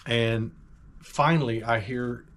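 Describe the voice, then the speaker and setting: A middle-aged man tells a personal story in a casual, animated way, with a medium-pitched voice. He talks plainly and acts out bits of the story as he goes. There is a faint noise in the background. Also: slow pace. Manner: animated, conversational, acts out moments.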